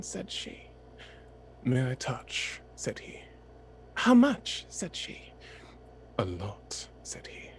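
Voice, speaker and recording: A player reads aloud at a very slow pace, the voice rising and falling in a lively way and dropping to a whisper on some lines. The delivery is gentle, with a soft ASMR feel. Faint ambience sits underneath. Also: medium pitch, a little hiss or hum. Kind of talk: ASMR tabletop game and slow poetry reading.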